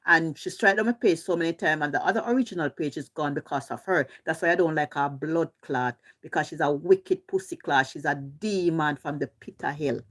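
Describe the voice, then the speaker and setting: Speaking low and brisk with few pauses, a Jamaican livestream host delivers heated live commentary. Her ranting comes in repetitive, profanity-laden bursts.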